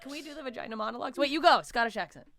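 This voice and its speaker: A woman's voice: high voice, racing. A woman co-hosting a comedy podcast, chatting casually and acting out quotes with lots of laughter. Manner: animated, laughing, acts out quotes. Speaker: podcast co-host.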